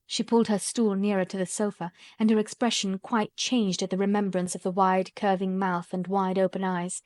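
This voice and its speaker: Calm woman narrating an audiobook. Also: mid-range voice, normal speed, no echo, clean studio sound. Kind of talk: scripted narration.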